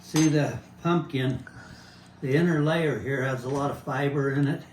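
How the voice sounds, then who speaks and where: An older man talks through his kitchen work in an unhurried, plain way, often stopping and restarting a thought. His voice sits at an ordinary middle pitch. A faint hum of room ambience runs underneath. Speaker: home gardener showing pumpkin prep. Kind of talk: casual demonstration chat.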